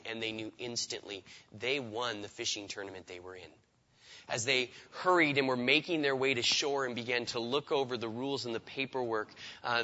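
A man's voice: mid-range voice, bright, forceful tone, long reverb tail, highs cut off. A man preaching a sermon in a conversational way, often repeating words as he starts a sentence. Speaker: pastor.

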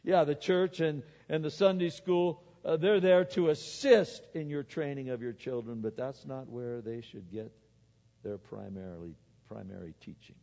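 A man preaching a sermon as a pastor, animated, swinging between loud exhortation and quiet asides. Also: mid-range voice, normal speed, gravelly. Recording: muffled, with long hall reverb.

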